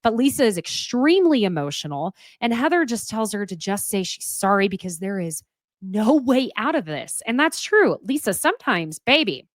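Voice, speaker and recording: Woman, recap vlogger, candid and opinionated, middle-pitched voice with a dry close sound. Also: sing-song, normal speed, no echo. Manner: candid and opinionated, swears casually. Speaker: reality TV recap host. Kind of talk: casual recap commentary.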